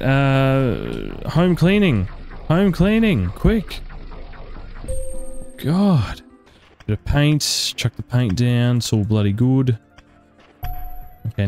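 A young man giving sweary, frantic let's-play commentary, yelping high when panicked. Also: darkish tone. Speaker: gaming YouTuber.

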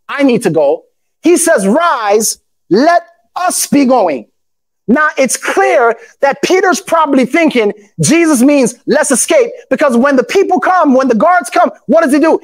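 A male pastor preaching a sermon, calling out to his congregation, breaking into shouts, and reading scripture aloud in old formal English. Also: extremely high pitch. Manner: call-and-response preaching, often bursts into shouts.

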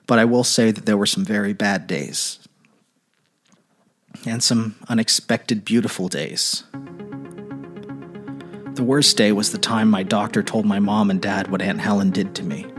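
Quiet low-voiced man reading letters. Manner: quiet, earnest, halting. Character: troubled teenage boy writing letters. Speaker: narrator.

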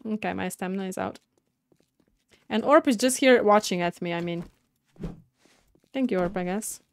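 A woman streaming a survival game, chatting casually with teammates, laughing often and yelling when things go wrong. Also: mid-range voice, normal speed, vocal fry. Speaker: gaming streamer. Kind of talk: casual let's-play commentary.

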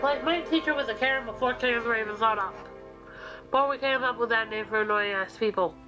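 A woman's voice: on the high side, a little fast, highs cut off, over music. A young woman telling a ranting story while gaming, swearing and acting out what people said. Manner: ranting, swears, acts out quotes. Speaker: gaming vlogger. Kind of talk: casual storytelling over gameplay.

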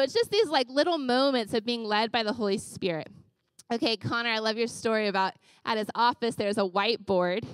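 A woman pastor gives a sermon in an easy, conversational way, moving from story to story with lively energy. Her voice sits a bit high. The sound is dry and close, with no room echo. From Louisiana. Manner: conversational storytelling, animated and casual.

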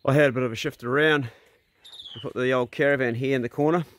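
Fast, fairly even and a bit bright, a middle-aged man's mid-range voice carries a casual vlog recorded on his phone outdoors at a rural property, with slight background noise. The hunter is easygoing and blunt with mild swearing, and he frequently raises his voice to coax his dogs.

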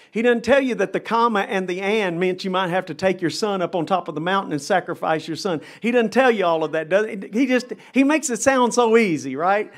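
A middle-aged man, a pastor, preaching a live chapel sermon in an emphatic, dramatic style that builds in intensity. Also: high-pitched. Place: chapel service.

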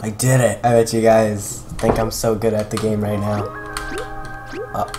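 A man doing casual gameplay commentary, rambling with self-mocking asides and sudden shouted outbursts. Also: on the low side, a little slow. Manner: excitable, jumps from mutters to shouted outbursts. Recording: game music playing underneath. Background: game music.

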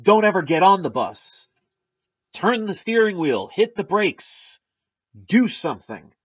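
A man with a fairly high voice rants emphatically, mixing in sarcastic jabs. He talks straight to his viewers in a vlog monologue, and the recording sounds dull and lo-fi. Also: sing-song, a little slow, husky. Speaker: channel host.

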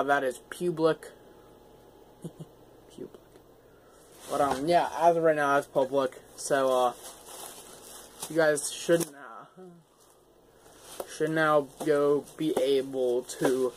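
A man's voice: on the high side, steady tone, slow, long pauses. A young man vlogging casually while holding his phone, rambling and laughing at himself. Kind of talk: casual vlog. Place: outdoors. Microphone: phone held in hand. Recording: noisy outdoor phone recording.

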